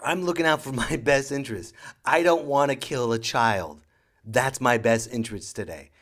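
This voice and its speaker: A man hosting a podcast, telling a comedic story in an animated, exasperated rant. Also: medium pitch, normal speed. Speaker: podcast host.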